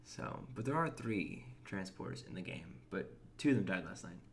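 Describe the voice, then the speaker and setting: Young man, low voice, casual game stream chatter, faint room hum behind. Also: animated, moderate pace, creaky. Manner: chatty, reads and answers chat, restarts words. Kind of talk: casual gameplay commentary.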